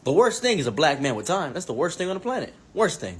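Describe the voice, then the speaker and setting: Male streamer storyteller, casual, big swings from mumbles to outbursts, fairly high voice. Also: quick pace, breathy edge. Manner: animated, exaggerated, swinging between mumbles and excited outbursts. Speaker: commentary streamer.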